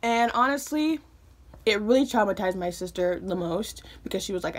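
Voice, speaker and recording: A woman in her early twenties from Michigan, telling a personal story to a phone camera in a chatty way, with lots of fillers and quick asides. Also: medium pitch, animated. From Michigan, USA. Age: early 20s. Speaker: vlogger. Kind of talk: casual storytime.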